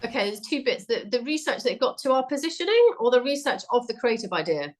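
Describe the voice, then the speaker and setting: A woman talking through her research as a guest, chatty and full of ums and quick self-corrections. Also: a little high, big pitch swings. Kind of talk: conversational interview.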